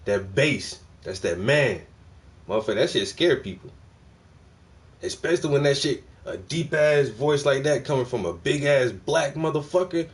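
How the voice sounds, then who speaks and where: A man hosting a casual reaction commentary, talking in profane street slang with loud exclamations. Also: mid-range voice, lively intonation, normal speed. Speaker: host reacting to a clip.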